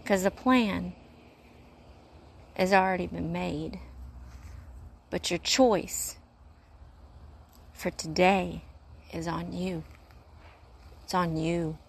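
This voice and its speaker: A woman's voice: lowish voice, steady tone, extremely slow, vocal fry, long pauses, breathy edge. A woman who works in urgent care, talking in a casual faith-based monologue, earnest and rambling with a preachy streak, pacing as she talks. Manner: paces while talking.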